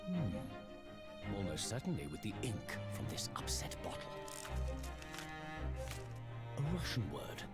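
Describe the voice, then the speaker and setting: An actor playing a pompous British gentleman detective in a video game, making grand, theatrical declarations with a British accent. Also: on the low side, wildly swooping pitch, slow, long pauses, heavily acted. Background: loud game music.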